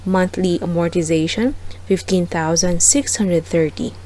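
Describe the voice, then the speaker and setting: A woman's voice: lowish voice, steady tone, dark tone, low-quality recording. A woman with a Filipino accent hosting a car price channel, reading out a price list item by item. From Philippines. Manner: slow, deliberate item-by-item listing.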